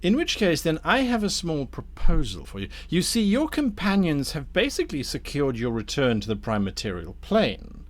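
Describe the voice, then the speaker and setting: A man's voice: fairly high pitch, wildly swooping pitch, normal speed, few pauses, voice pushed up. Man playing a silky scheming devil. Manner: polite, silky, courteous menace. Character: smooth scheming male devil dealmaker.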